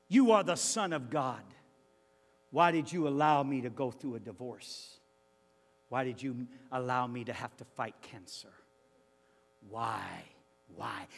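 Animated preacher man in a reverberant hall. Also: medium pitch, slow, pauses often. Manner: animated, swings from hushed to shouting; stammers for comic effect. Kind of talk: storytelling sermon.

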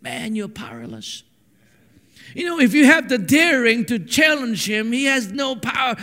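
A man preaching a sermon, telling stories with animated swings from hushed to shouting. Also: extremely high pitch, measured pace. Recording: echoey hall with long reverb.

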